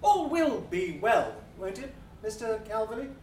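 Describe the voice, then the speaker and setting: A man playing a drunken Georgian gentleman. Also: high-pitched, sing-song, unhurried, slight background noise. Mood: maudlin. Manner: theatrical, swinging between bluster and hushed brooding. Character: drunken middle-aged Georgian gentleman, boastful and remorseful. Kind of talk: dramatic monologue. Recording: roomy, distant mic.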